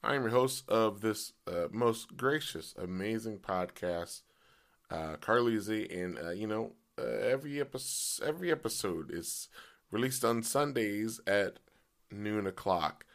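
A man hosting a casual solo podcast, his voice hoarse and cracking in and out, rambling with many fillers. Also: expressive, measured pace. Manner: pitch jumps as voice cracks. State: voice partly gone, hoarse. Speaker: podcast host.

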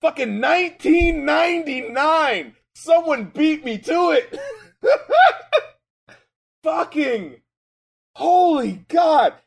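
A man with a high-pitched voice co-hosts a casual podcast about hip-hop. He swears constantly and talks in bursts, dropping low and quiet before shouting with excitement. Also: very slow, gravelly, pauses often. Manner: excitable and profane, swings from mumbling to shouting. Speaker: podcast co-host, music critic and rapper.

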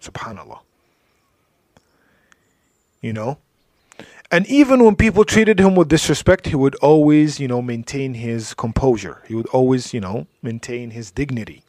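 A man's voice: medium pitch, animated, normal speed, no echo. A man giving a religious talk, telling stories in a conversational way with frequent asides. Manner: storytelling, drops to soft asides, frequent "you know". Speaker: Islamic speaker.

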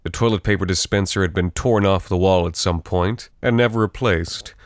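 A man narrating scripted fiction in a steady, even storytelling voice. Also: deep voice, moderate pace, dry recording, studio quality.

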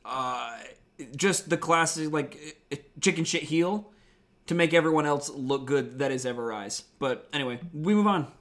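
A man's voice: fairly high pitch, measured pace. A man co-hosting a podcast, rambling casually with lots of "uh" and "like". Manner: relaxed, rambling with fillers like "uh" and "like". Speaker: podcast co-host. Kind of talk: casual chat.

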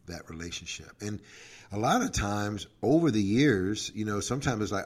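A man who is a pastor and podcast co-host, telling stories in a casual, animated way and laughing often. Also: lowish voice, moderate pace. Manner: animated, acts out quoted prayers, laughs often. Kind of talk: casual faith talk with storytelling.

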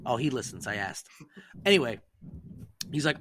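A man's voice: mid-range voice, fairly quick, long pauses, slight background noise. A man telling a long story to friends on a podcast, swearing freely and acting out the messages he quotes. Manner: profane, animated, acts out quoted texts. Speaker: podcast co-host. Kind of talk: casual storytelling among friends.

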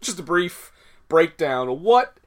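A man's voice: fairly high pitch, very animated, takes it slowly. Casual man co-hosting a movie chat. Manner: loose, hedging, many "I mean" restarts. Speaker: podcast co-host.

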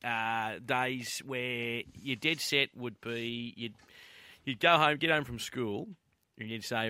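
A man, upbeat and excitable, tells a nostalgic tale in a very bright voice. The sound is dry and close. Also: mid-range voice, takes it slowly, smooth, no echo. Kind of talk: casual storytelling chat.

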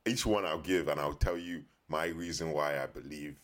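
Low-voiced man, playful slangy banter. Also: normal speed. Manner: playful, slangy, self-mocking. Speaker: podcast co-host. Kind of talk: casual chat.

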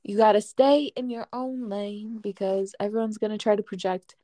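A young woman hosting a casual podcast, talking in a gentle, reflective way with lots of "like". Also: medium pitch, steady tone, normal speed, no room sound, clean studio sound. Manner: gentle, reflective, uses "like" often. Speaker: podcast host.

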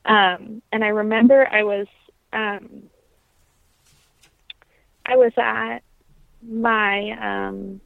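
A woman's voice: medium pitch, level tone, very slow, vocal fry, pauses often, no echo. A young adult woman, a trained opera singer, talks in a reflective, heartfelt way in a casual interview. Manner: reflective, heartfelt, many fillers. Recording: tinny phone-like sound.

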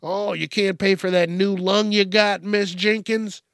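A crude future repo man who shouts profane threats, put on by a man. The voice is pushed up high and hits hard and loud. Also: little pitch movement, measured pace, gravelly, dry recording, studio quality, exaggerated voice. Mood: threatening.

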